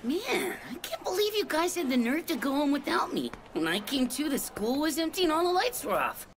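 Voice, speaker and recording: A cocky, high-voiced schoolboy. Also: male voice, big pitch swings, fairly quick, background noise. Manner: brash, teasing, smart-mouthed. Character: cocky wisecracking teenage schoolboy, brash and girl-crazy. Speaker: voice actor. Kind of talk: anime dub acting. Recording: dub clips over loud music. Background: background music.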